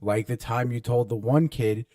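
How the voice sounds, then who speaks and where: A man's voice: medium pitch, moderate pace, dark tone, dry recording, recorded from a distance. A man co-hosting a podcast, teasing and profane, bringing up old stories in casual chat. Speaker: podcast co-host. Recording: dry, a bit off mic.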